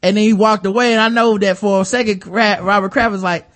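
A high-pitched man riffing in casual conversation, reading news items and breaking into animated quoted voices with loud laughs. He talks fast and playfully, cracking jokes between lines. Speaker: podcast co-host. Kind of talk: casual comedic chat.

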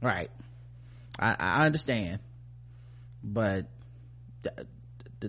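A man co-hosting a podcast, ranting in a profane, animated, mock-outraged way. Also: on the low side, slow, creaky, long pauses, a little hiss or hum. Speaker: podcast co-host. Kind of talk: casual comedic rant.

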